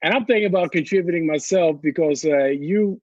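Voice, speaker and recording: A man's voice: fairly high pitch, brisk, a little mellow, dry recording, highs cut off. A man in his thirties doing a loose, profane stand-up set over a video call from home, laughing through his stories. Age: 30s. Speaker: stand-up comedian. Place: home, on a couch.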